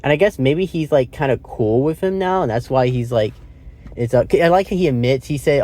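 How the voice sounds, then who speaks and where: A man's voice: medium pitch, lively intonation, moderate pace, warm tone. A man talking through a movie review in a casual, rambling way, swearing now and then and laughing often.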